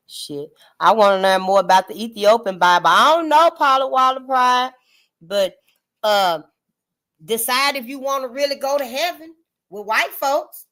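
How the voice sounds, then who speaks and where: A woman's voice: high voice, pushed and bright. A woman hosting her own channel, talking straight to her listeners in a blunt, emphatic monologue, cussing freely and repeating points to drive them home. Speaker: channel host. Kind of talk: casual spoken commentary monologue.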